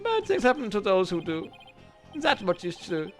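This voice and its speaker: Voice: mid-range voice, huge pitch swings, moderate pace, faint music behind. A streamer voicing a vain, flamboyant man obsessed with beauty, in a pompous theatrical manner, reading game dialogue aloud. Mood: haughty.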